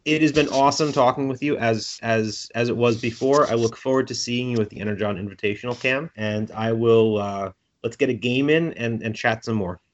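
A man's voice: medium pitch, brisk, hardly any pauses. A man with a Brooklyn accent, interviewed about the game he designs, thoughtful and joking, often restarting his phrases. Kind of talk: conversational interview. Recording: lo-fi audio.

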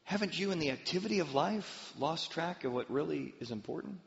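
A man's voice: a little high, a little fast, vocal fry, in a large hall, dull audio. A man preaching a sermon, telling stories and sometimes acting out the voices of the people in them. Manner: storytelling with lively acted-out voices. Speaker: pastor.

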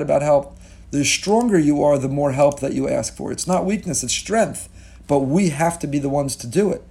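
A man's voice: a little high, dark tone, breathy edge. A man giving a sermon as a rabbi, impassioned and rhetorical, repeating key words for emphasis and mixing Hebrew and Yiddish terms into his talk. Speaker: rabbi teaching a class.

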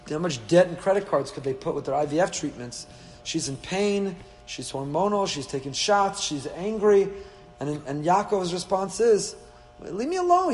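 Rabbi, male, slightly high voice, lively lecture with dry asides, echoey hall, faint hum. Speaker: rabbi teaching a Torah class. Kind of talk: Torah class lecture.

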